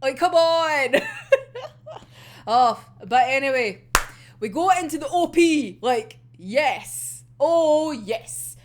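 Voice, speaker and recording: A young woman with a Scottish accent talks through an anime episode in a loose, chatty way. Her fairly high voice swings widely in pitch as she gets worked up, breaking often into laughter and dropping casual swears. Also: lively intonation, slow, slight background noise. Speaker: anime reviewer.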